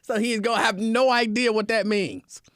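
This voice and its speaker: A man hosting a casual livestream show, telling a story in an animated way, laughing often and acting out scenes. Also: high voice, normal speed, dry recording, studio quality. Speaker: show host.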